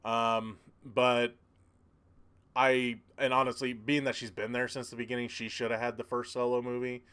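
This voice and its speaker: A man's voice: mid-range voice, level tone, normal speed, a bit bright, smooth. A man hosting a casual livestream, reading out viewer comments and rambling with lots of hesitations. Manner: rambling, hesitant, many ums and restarts. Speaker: livestream host.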